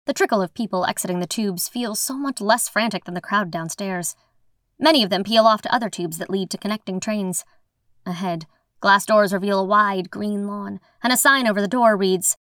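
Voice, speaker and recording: The narrator is a young woman voicing a first-person audiobook story, her mid-range delivery measured and even. No room sound comes through, just clean studio audio.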